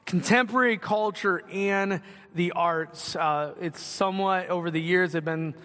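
A man's voice: high-pitched, measured pace, a bit bright. A young man preaching a sermon in a church, in a conversational style with asides and acted-out quotes. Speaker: pastor. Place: church sanctuary. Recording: long reverb of a hall.

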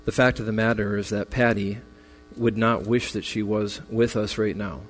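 A man's voice: fairly low pitch, steady tone, normal speed. A man preaching a memorial sermon as pastor, earnest and consoling, his voice building in intensity. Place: church sanctuary. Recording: long reverb with faint music.

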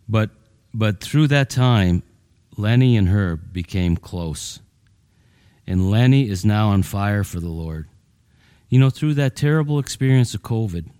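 A man's voice: darkish tone, no echo. A folksy preaching man with a dry sound. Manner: folksy, full of "you know" and repeated words, pitch climbing when emphatic. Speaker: pastor. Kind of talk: conversational sermon.

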